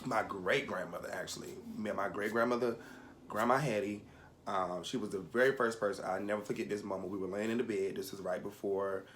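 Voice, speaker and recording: A man's voice: fairly low pitch, fairly even intonation, brisk, a bit bright, a little hiss or hum. Emotional young man telling his story. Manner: emotional, rambling, candid. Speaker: storyteller sharing a personal story. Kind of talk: casual chat.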